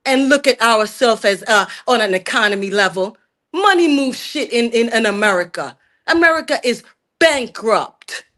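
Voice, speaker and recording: A woman's voice: fairly high pitch, fairly bright tone. Indignant middle-aged woman caller. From Jamaica. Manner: emphatic, indignant, addresses the host as sir. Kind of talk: heated call-in debate.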